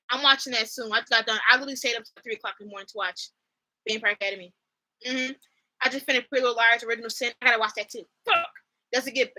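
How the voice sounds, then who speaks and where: A young woman streaming a casual fan chat, excitable and rambling, gushing with lots of fillers. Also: on the high side, rough recording. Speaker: streamer chatting with viewers.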